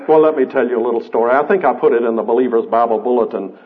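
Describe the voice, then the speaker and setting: A man's voice: medium pitch, fairly even intonation, racing. A man preaching a sermon, emphatic and building through repeated phrases. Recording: tinny radio broadcast, phone-like band.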